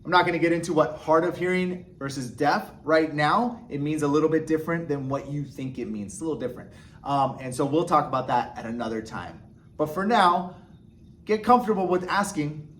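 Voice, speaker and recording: A man with a fairly high-pitched voice explains signs to learners one step at a time. He talks patiently and pauses often to check in with a quick "okay?" before moving on. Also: fairly bright tone, a little hiss or hum. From United States. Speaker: sign language teacher. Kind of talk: instructional explanation.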